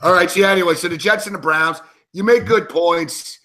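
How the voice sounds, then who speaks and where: A man's voice: high-pitched, brisk, pushed and bright. A man co-hosting a sports betting show, talking casually and ranting with lots of swearing. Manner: profane, ranting, worked up. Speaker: co-host and sports handicapper.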